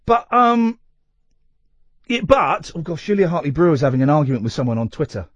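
Male radio host, high and bouncy voice, dry studio sound, playful rambling chatter. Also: fairly quick, no echo, highs cut off. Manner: rambling, self-correcting and playful. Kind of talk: casual radio talk. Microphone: studio microphone.

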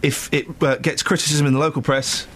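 A man's voice: a little high, flat delivery, a little fast, a bit bright. A man hosting a live radio show, chatting casually with a co-host, self-mocking and rambling with lots of ums. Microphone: studio microphone.

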